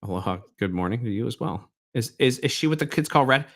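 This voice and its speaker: A middle-aged man hosting a reaction commentary show, sarcastic and mocking, dropping to mutters and then bursting out loud. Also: mid-range voice, animated, fast. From Southwest Baltimore, US.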